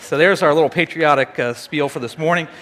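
A man's voice: on the high side, a little fast, fairly bright tone. A man speaking informally to a gathered audience, quizzing them between recitations, with frequent fillers and restarts. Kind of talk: informal address with dramatic recitation. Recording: long reverb of a large hall.

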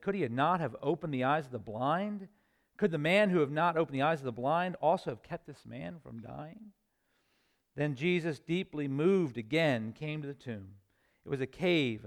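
A man preaching a sermon, reading scripture aloud and acting out its voices, swinging from hushed near-whispers to loud, rising emphasis. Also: medium pitch.

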